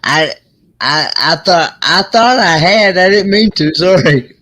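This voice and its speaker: Slow-talking male host on a headset. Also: high-pitched, expressive, sharp tone. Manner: halting, restarts sentences often. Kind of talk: casual live-stream chat.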